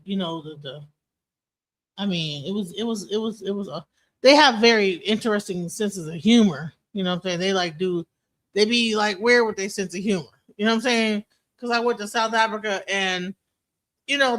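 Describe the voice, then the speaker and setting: A bright, forceful woman's voice from Detroit, hosting a casual streamed talk. She talks bluntly and swears freely. She tells her stories with animation. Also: mid-range voice. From Detroit, USA. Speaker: DJ and stream host.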